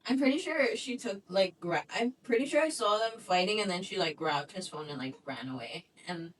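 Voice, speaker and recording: A woman's voice: mid-range voice, expressive, normal speed, distant mic, poor audio. A woman in her twenties co-hosting a podcast, chatting casually, laughing often and chiming in. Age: 20s. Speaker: podcast co-host. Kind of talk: casual chat.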